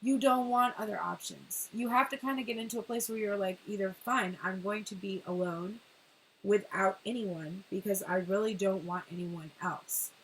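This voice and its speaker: Animated swearing woman reading tarot. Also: mid-range voice, moderate pace, husky, rough recording. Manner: swearing, animated, laughs often. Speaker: tarot reader.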